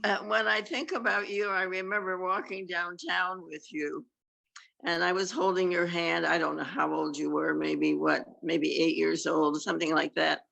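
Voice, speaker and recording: A woman's voice: fairly low pitch, fairly even intonation, moderate pace, creaky, a bit bright, rough recording. An older woman telling a rambling family memory on a video call, with many fillers. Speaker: aunt.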